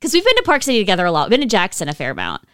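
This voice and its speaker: A woman's voice: medium pitch, wildly swooping pitch, very fast, fairly bright tone, clean tone, no room sound, studio quality. A woman from the southeastern United States, co-hosting a podcast in casual chat with wry, teasing asides. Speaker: podcast co-host, car journalist.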